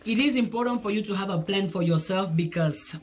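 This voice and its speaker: A woman's voice: medium pitch, a little fast, faint music behind. A woman speaking as a life coach in an emphatic, repetitive motivational talk, with non-native English phrasing.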